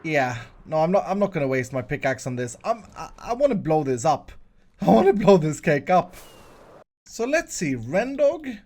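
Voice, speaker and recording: A man's voice: on the high side, sing-song, moderate pace, darkish tone. A Swedish-accented man hosting a casual Minecraft commentary, playful and jokey, often restarting his sentences. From Sweden. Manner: playful, jokey, frequent self-corrections and restarts. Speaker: host, Minecraft player.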